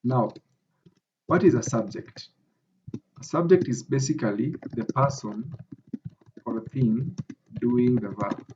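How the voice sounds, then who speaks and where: Kenyan guy explaining grammar step by step, keeps asking okay?, mid pitch, bit muffled. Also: slow pace, pauses often, background noise. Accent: Kenyan English. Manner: explanatory, checks in with repeated "okay?". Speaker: academic writing tutor. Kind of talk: screen-recorded grammar lesson.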